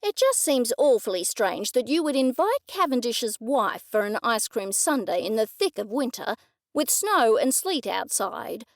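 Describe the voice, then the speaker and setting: A woman's voice: a little high, very animated, measured pace, no echo. Woman voicing a stern male detective. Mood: probing. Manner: probing, dry, accusing. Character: stern middle-aged male police detective.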